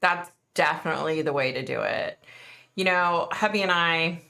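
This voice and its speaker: A middle-aged woman chats casually on a livestream, talking to her viewers in an earnest way and answering their comments as she goes. Her voice sits a little low but has a bright, forward edge. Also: normal speed, vocal fry. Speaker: livestream host.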